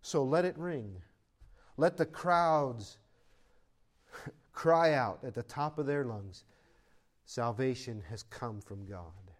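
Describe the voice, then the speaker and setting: A man preaching a sermon as pastor, swinging from loud proclaiming to quiet asides, with laughs between points. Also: medium pitch, animated, slow, long pauses.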